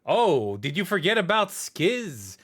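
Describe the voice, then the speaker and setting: Man plays a loud, cocky male street rat, a touch higher and bouncy. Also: very animated, exaggerated voice. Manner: cocky, quick, teasing. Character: cheeky talkative male city rat. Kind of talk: tabletop role-play voice.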